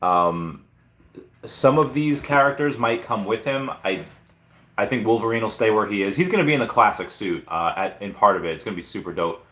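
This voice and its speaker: A hoarse man chatting casually on a live stream, rambling through stories with lots of fillers. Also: lowish voice, lively intonation, brisk, a bit bright, reverberant. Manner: rambling, filler-heavy storytelling. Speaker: comic and collectibles YouTuber.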